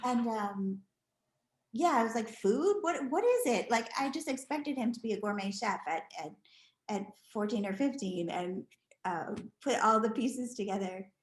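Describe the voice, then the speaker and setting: A middle-aged woman telling stories as a podcast guest, animated and chatty with lots of restarts. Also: mid-range voice, normal speed. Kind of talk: casual storytelling interview. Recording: echoey room.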